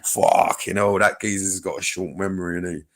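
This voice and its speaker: Low-voiced bloke hosting a casual stream, rambling and cursing as he reads chat. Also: flat delivery, moderate pace, fairly bright tone. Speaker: livestreamer.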